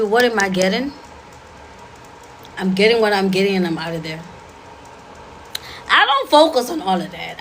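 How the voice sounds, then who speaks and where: A woman's voice: medium pitch, fairly bright tone, a little hiss or hum, rough recording. A woman giving blunt, sassy dating advice in casual talk to an audience. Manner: blunt, sassy, rapid-fire.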